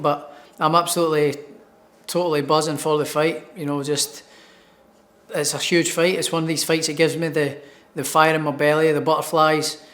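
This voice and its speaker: A man's voice: fairly high pitch, fairly bright tone. A man with a Scottish accent, a professional boxer answering interview questions in an upbeat way and repeating words as he starts his thoughts. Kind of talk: sports interview.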